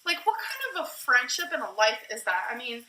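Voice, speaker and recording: A woman vlogging casually while she cooks, out of breath. Her voice is fairly high and bright and carries a roomy echo. She talks frankly and pokes fun at herself, with a soft hiss of noise behind her. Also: wildly swooping pitch, brisk. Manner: candid, self-mocking, laughs often. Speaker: vlogger in a played clip. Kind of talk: casual vlog while cooking.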